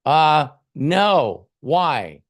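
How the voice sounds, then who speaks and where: A man's voice: fairly high pitch, sing-song, extremely slow, full character voice. A man playing a flustered, whining courtroom litigant who stammers excuses.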